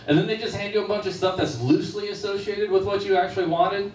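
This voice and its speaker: A man's voice: sits high, steady tone, fast, a little mellow, far from the mic. A male stand-up comedian performing a set on a club stage, with a casual storytelling delivery. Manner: conversational, storytelling. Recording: echoey club room, slightly off-mic.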